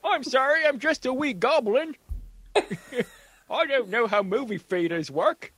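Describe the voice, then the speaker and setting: A man's voice: very high voice, expressive, slow pace, fairly bright tone, husky, no room sound, pitched above the performer's own voice, heavily acted. A man voicing a small, sheepish goblin with a clumsy put-on Cockney twang.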